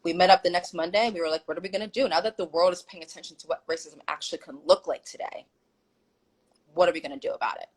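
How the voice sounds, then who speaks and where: Heard over a phone or video call with poor audio, this female guest on a live stream talks fast in a lowish, slightly rough voice. Her retelling is animated and emphatic, peppered with quoted dialogue.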